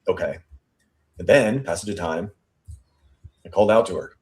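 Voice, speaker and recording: A man with a somewhat low voice talks through a witness statement piece by piece on his true crime show. He thinks out loud, repeats words while searching for the right one, and reads quoted lines back slowly before rushing through his comments. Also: animated. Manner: thinking aloud, repeats and restarts phrases, pace shifting between slow and rushed. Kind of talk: statement analysis commentary, reading quotes aloud.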